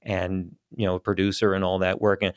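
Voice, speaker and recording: A man who works as a voice actor, chatting in a relaxed, rambling way as an interview guest on a studio microphone. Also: sits low, a little fast, clear, resonant tone, no room sound. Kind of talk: casual interview chat. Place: small studio.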